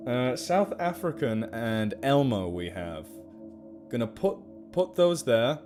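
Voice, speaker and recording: A man's voice: medium pitch, big pitch swings, slow pace, a little mellow, faint music behind. A man chatting casually on a live stream, giggly and rambling.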